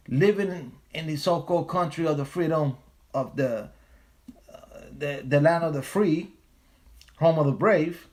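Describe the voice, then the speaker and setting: This man from the United States hosts a casual livestream, cursing with emphasis and repeating phrases to stress his points. His voice is fairly high and a little mellow, at a normal speed.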